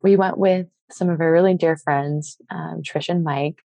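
Young woman telling a lively personal story. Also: low voice, moderate pace, vocal fry, dry recording. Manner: animated storyteller acting out dialogue. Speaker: podcast guest.

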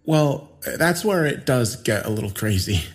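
A man's voice: medium pitch, sing-song, a little slow, soft background music, voice pushed up. A man voicing a giggly, unhinged young man in his mid-twenties who taunts and jokes casually. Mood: breezy. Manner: smirking, laughing, casual slangy taunts.

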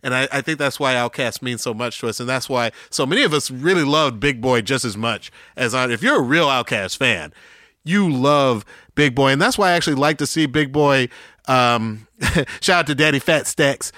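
A man from Atlanta talks through a favorite song with eager, musing enthusiasm. His voice is bright and forward, and the recording is dry and close with no room sound. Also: mid-range voice, moderate pace, dry recording. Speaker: podcast co-host. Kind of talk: casual music-discussion chat.

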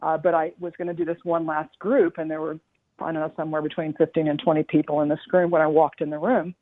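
A middle-aged woman, a spiritual teacher, telling a story on a radio show in an earnest, halting way with many restarts. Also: low-pitched, little pitch movement. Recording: tinny phone line.

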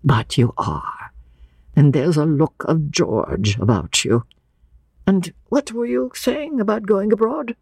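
A woman voicing a gentle, weary old man who speaks slowly and in a low hush. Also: expressive, gravelly, breathy edge, no echo, studio quality, exaggerated voice. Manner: slow, soft, low and hushed.

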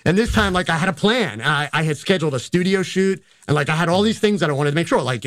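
A man's voice: fairly high pitch, lively intonation, fast, few pauses, fairly bright tone, no room sound. An older man, a photographer and teacher, telling stories in a casual, rambling, self-deprecating way in an interview. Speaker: photographer and educator.

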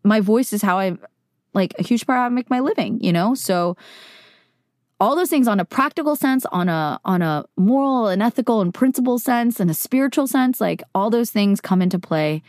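A woman's voice: mid-range voice, lively intonation, moderate pace, darkish tone, dry recording, studio quality. A woman from California, a voice actor, talking earnestly and openly to her viewers in a casual, filler-heavy way. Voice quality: casual, heavy use of "like", mild swearing. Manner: earnest, reflective, emotionally open. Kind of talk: candid personal monologue to viewers.

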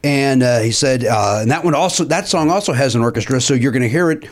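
A man hosting a podcast in casual chat, telling stories and acting out quotes with lots of laughter. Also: fast talker. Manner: animated, acts out quotes with big pitch jumps and laughs. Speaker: podcast host.

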